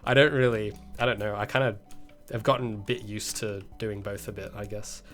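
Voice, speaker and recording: A man's voice: fairly low pitch, fairly even intonation, fairly quick, a bit bright, soft background music. A man with an Australian accent chatting casually with viewers on an indie game dev livestream, rambling and hedging, chuckling now and then. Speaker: indie game developer streaming.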